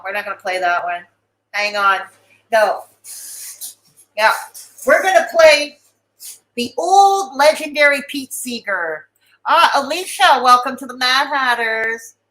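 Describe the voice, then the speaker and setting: A woman's voice: on the high side, pushed and bright, roomy sound, poor audio. A woman hosting a casual livestream, chatting with viewers and repeating her greetings and thanks. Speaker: livestream host. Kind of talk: casual livestream chat reading viewer comments.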